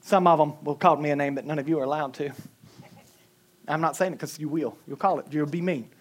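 A man preaching a sermon, telling a story with humor and quick chuckles. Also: fairly high pitch. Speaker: pastor.

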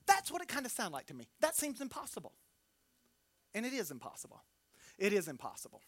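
Man preaching, lively storytelling, bright forceful voice, dry sound. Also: sits high, quick pace, long pauses, slightly rough, dry recording. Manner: animated storytelling, acts out voices, jokes with the congregation. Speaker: pastor. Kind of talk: sermon. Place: church.

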